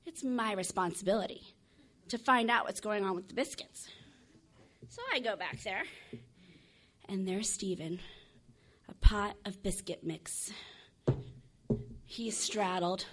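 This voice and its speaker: A woman spins a comic story with a lot of energy. She jumps into other people's voices as she tells it, and her tone is bright and forceful. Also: mid-range voice, slow pace, pauses often. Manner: animated, acts out voices, laughs while telling.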